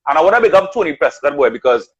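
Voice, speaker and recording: A man's voice: a little high, very fast, husky, dull audio. A man telling stories of his music career in casual chat, acting out what others said. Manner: animated storyteller, acts out quotes. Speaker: radio announcer and artist.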